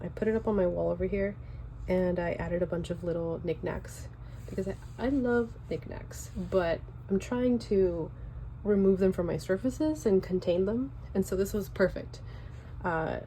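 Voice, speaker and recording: A woman's voice: on the low side, warm tone, a little hiss or hum. A young woman with a Californian accent, chatting casually and loosely while showing her sketchbook at home. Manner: chatty, loose and rambling with fillers. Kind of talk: casual chat.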